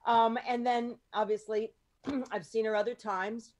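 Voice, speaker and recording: A woman hosting a podcast panel in casual chat, talking freely with lots of ums and quick asides. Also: mid-range voice. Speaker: podcast host and producer.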